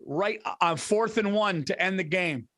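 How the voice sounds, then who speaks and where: A man with a fairly high voice chats loosely on a podcast, his sentences full of restarts and constant "dude"s. His delivery is relaxed and conversational, like a friend talking sports. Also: unhurried. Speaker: podcast co-host. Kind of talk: casual chat.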